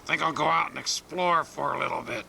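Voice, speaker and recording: A man gives a full character voice to a bumbling, puzzled male bear just woken from hibernation. Slow and drowsy, the bear creaks and rumbles, his gravelly voice still bright and ringing, muttering to himself and wondering what on earth is going on. A faint hiss runs underneath.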